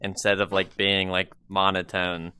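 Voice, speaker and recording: A man's voice: low voice, completely flat delivery, unhurried, bright, forceful tone, clean tone. A young man rambling and complaining about his job in a casual gaming vlog, full of fillers, speaking into a VR headset mic. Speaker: gaming vlogger.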